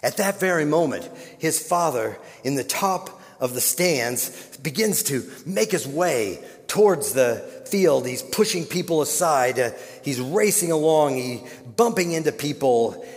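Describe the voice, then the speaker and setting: A male pastor telling a story in a sermon, dropping to a hush and then building to loud, dramatic peaks. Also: on the high side, animated, a little slow. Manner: dramatic, swinging from hushed to loud. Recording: long reverb of a large hall.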